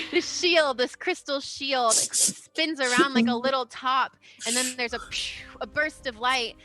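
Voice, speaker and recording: A woman game master with a high, bright voice narrates a family tabletop game. She is chatty and giggly, full of fillers, with faint music underneath. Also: steady tone, unhurried.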